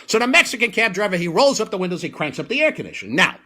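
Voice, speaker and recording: A man's voice: high voice, very animated, rapid-fire, pushed and bright. A man, hosting a comedy show and delivering a stand-up routine with punchy timing. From New York. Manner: punchy joke delivery, laughing at own lines. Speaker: comedian host. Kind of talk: stand-up routine on a live stream.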